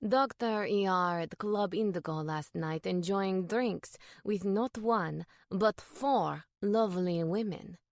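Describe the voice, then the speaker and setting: A woman voicing a charming male paparazzo with a thick French accent, smooth and teasing. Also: mid-range voice, slow pace, hardly any pauses, no echo, studio quality. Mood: smooth, sly.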